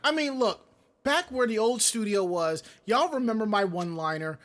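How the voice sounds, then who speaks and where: A podcast co-host with a notably high-pitched, somewhat bright and expressive voice chats loosely on a live-streamed show at a normal pace. He wanders from tangent to tangent and pauses to read chat comments aloud.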